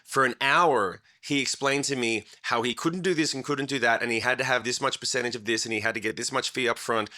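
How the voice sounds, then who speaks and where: Bright-voiced animated male singer. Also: medium pitch, brisk, hardly any pauses. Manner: animated storyteller, swears freely. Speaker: singer, guest. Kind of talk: casual podcast chat. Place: recording studio.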